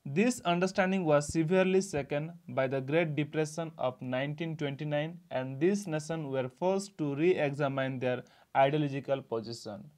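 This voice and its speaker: Teacher, repeating and quizzing. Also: male voice, on the high side, normal speed, darkish tone. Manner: repeats each sentence and quizzes with rhetorical questions. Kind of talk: classroom lecture explaining a textbook.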